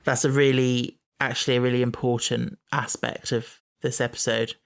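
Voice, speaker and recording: A man's voice: mid-range voice, little pitch movement, moderate pace, creaky, clean tone. A man in his thirties co-hosting a podcast, chatting casually and explaining the lore with a teasing streak. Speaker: podcast co-host. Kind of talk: casual chat.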